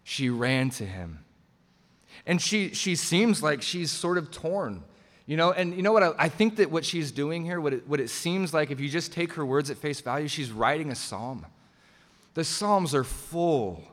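Guy giving a sermon, chatty and animated, voice ringing in a big reverby hall. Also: on the high side, a little slow. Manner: conversational, acts out quoted voices. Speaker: preacher.

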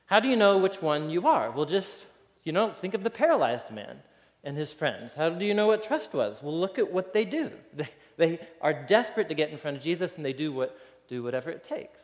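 A man's voice: on the high side, big pitch swings, brisk. A man in his thirties, a pastor giving a sermon in a conversational, storytelling way and chuckling often. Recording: reverberant hall.

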